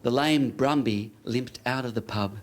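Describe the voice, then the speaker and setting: A man's voice: medium pitch, measured pace. An Australian man performing a spoken word poem on a pub stage with a theatrical, rhythmic delivery. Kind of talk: performance poetry.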